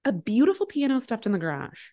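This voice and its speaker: A woman's voice: a little high, wildly swooping pitch, quick pace, dark tone, dry recording, clean studio sound. A woman in her thirties co-hosting a podcast, chatting casually and sarcastically about a movie, slipping into voices for quotes. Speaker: podcast co-host. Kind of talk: casual movie-review chat.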